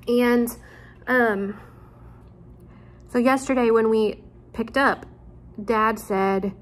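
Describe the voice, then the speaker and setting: A woman's voice: fairly high pitch, steady tone, slow, pauses often. Chatty woman teacher talking from home. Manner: chatty and informal, with frequent ums and asides. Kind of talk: casual chat and story retelling to students. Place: at home, near a laundry room.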